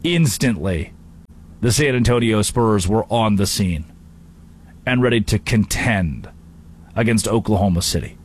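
A man hosting a sports talk show, delivering an animated, jokey monologue with quick impressions. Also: fairly low pitch, slight background noise.

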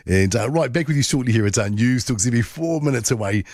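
A man's voice: mid-range voice, lively intonation, fast, darkish tone, dry recording, studio quality. A man with a New Zealand accent hosting overnight talkback radio, chatty and rambling with many fillers. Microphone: studio microphone.

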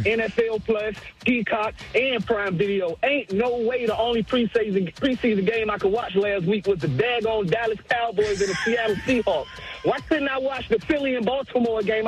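A male radio caller ranting in a loose, slangy, animated way, heard over a phone line. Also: high voice. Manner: animated, rambling, folksy slang. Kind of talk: call-in rant.

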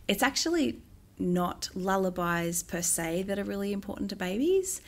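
A middle-aged woman, a music therapist, answering interview questions in a gentle, measured way with frequent "um" pauses. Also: mid-range voice, big pitch swings.

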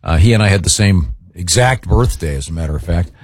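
A man hosting a relaxed talk show, drifting through stories with plenty of pauses and fillers. His voice sits low and a bit husky. The sound is close and dry. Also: dry recording. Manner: rambling, halting storyteller with many fillers. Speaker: show host. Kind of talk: casual chat with guests.

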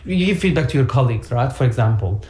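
A woman's voice: rumbling low, expressive, quick pace, mellow. A woman hosting a casual parenting chat, explaining her points with examples and acted-out quotes. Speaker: podcast host. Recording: echoey room.

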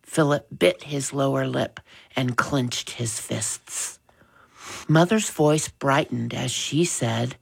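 A woman narrating a storybook in a measured, expressive reading. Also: extremely low pitch, gravelly, breathy edge, no room sound.

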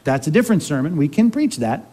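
Male pastor, high voice, preaching a sermon, chatty, keeps asking the crowd questions. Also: sing-song, fast talker, warm tone, slightly rough. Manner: conversational preaching with frequent rhetorical questions.

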